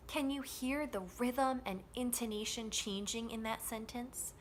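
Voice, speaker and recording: A woman teaching an English pronunciation lesson, modeling stress and rhythm with slow, deliberate phrasing. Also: fairly high pitch, a little hiss or hum.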